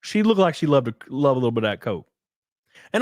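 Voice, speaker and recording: Young Southern man, casual streamer, laughs a lot, cusses, close dry sound, average pitch. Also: big pitch swings, quick pace, pauses often, no echo. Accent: Southern US (Alabama). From rural Alabama. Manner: rambling, laughs often, swears freely. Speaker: livestreamer and race car driver. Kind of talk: casual livestream chat reading viewer comments.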